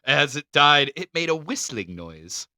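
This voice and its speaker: A man co-hosting a casual podcast, his voice bright and a little high, swinging up and down as he reads notes aloud and breaks into laughs. The close mic sounds dry and near. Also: sing-song, measured pace, dry recording. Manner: reads from notes, laughs often, stumbles on names. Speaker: podcast co-host.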